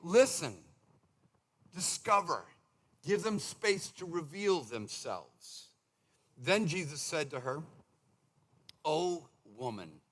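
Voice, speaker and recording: A male pastor preaching a sermon in a conversational, animated way, slipping into quick mimicked asides. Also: a little high. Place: church sanctuary.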